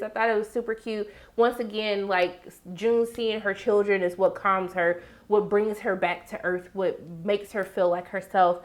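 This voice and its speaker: A woman's voice: mid-range voice, steady tone, normal speed, few pauses. A young woman giving a casual, sassy recap of a TV episode, talking back to the characters as she goes. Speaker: TV recap reviewer.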